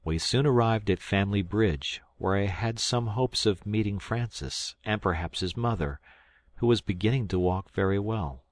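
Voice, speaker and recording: Very deep-voiced man narrating an audiobook. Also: dry recording. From South Carolina, United States. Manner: measured, steady reading that lifts into dialogue. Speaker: volunteer audiobook reader.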